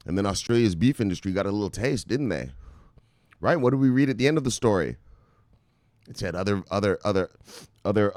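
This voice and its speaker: Hyped up guy ranting about crypto, swears a lot, lively up and down voice, keeps saying look look. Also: no echo, clean studio sound. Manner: repeats "look, look" and laughs often; shouts "bang" and "boom" with rising excitement. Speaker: crypto news vlogger. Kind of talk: excitable profane commentary.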